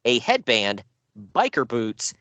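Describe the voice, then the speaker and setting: A man recapping wrestling events on a podcast, sarcastic and quick to laugh. His pitch swings widely as he talks. The sound is dry and close, with no room around it. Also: no echo. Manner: sarcastic, animated, laughs often. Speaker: podcast co-host reviewing wrestling shows. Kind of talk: casual podcast chat.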